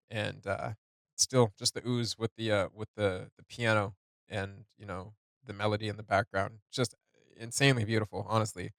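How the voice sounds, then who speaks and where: A tearful man hosting a song reaction, talking in a halting, emotional way as he comments on what he hears. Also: fairly low pitch, fairly bright tone, no room sound. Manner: halting, emotional, thinking aloud. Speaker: music reaction host.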